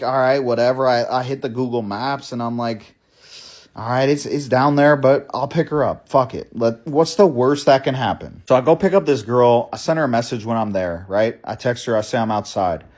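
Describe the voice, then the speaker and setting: A man's voice: mid-range voice, a little mellow. A young man telling a story in a casual, profane way, often asking "right?" and calling the listener "bro". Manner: fast, breathless storytelling with many restarts. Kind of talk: storytime monologue.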